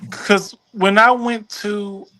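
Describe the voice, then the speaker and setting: A woman on a live stream, casually telling a long animated story in colloquial slang and laughing as she goes. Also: mid-range voice, takes it slowly, a little hiss or hum.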